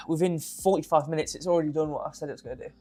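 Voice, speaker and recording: Guy talking fast about charts, kinda high voice, trips over words. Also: darkish tone, faint music behind. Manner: quick, rambling, self-correcting. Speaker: co-host and chart analyst. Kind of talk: casual chat.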